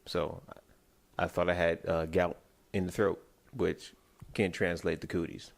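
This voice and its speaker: A man's voice: low voice, level tone, measured pace, vocal fry. A man co-hosting a comedy podcast, telling a rambling story in casual chat, full of restarts. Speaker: podcast co-host.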